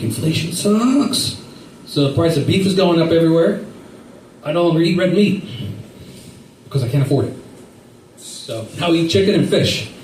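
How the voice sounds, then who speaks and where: A man's voice: mid-range voice, darkish tone, echoey room, far from the mic, a little hiss or hum, low-quality recording. A middle-aged man doing a rambling, self-deprecating stand-up set, acting out quotes along the way. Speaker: stand-up comedian.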